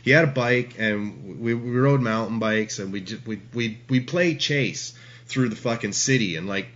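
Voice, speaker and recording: A man's voice: mid-range voice, normal speed, fairly bright tone. A middle-aged man telling a story in a rambling, casual way, swearing often and laughing along. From Canada. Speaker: interview guest. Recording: dull lo-fi with faint hiss.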